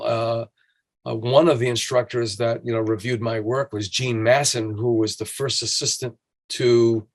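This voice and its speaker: Male podcast talker, mid-pitched, animated storyteller who acts out the voices of people he quotes and restarts his sentences a lot. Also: normal speed. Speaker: podcast conversation partner. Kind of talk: casual conversational storytelling.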